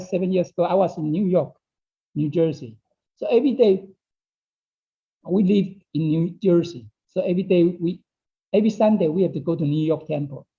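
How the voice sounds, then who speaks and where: A high-voiced man teaches a Dao study class online in English, not his first language, with non-native phrasing. He repeats phrases and regularly asks "okay?" to make sure listeners follow. The sound is dull and lo-fi.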